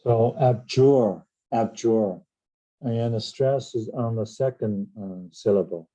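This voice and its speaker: A man teaching an English vocabulary lesson, explaining word roots, spelling words out letter by letter and often checking with "right?" between pauses and filler sounds. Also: mid-range voice, mellow, muffled recording.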